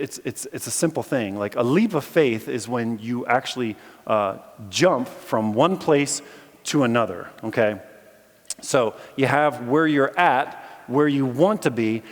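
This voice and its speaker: A man preaching a lively sermon, acting out the voices in the story as he tells it. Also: mid-range voice. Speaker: philosophy teacher giving a chapel message. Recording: echoey hall with long reverb.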